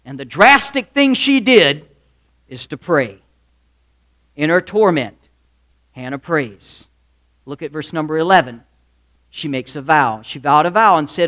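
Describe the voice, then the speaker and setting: A man preaching a sermon, acting out characters in quick asides and swinging from loud to soft. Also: a little high, big pitch swings. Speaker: pastor.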